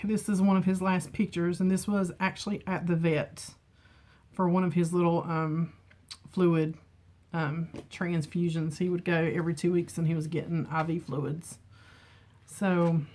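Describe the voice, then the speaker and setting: Middle-aged woman, beauty vlogger, casual and emotional, a bit low-pitched, home camera mic. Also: a little mellow. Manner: chatty, emotional, laughs often. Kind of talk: casual chat. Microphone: camera mic with ring light.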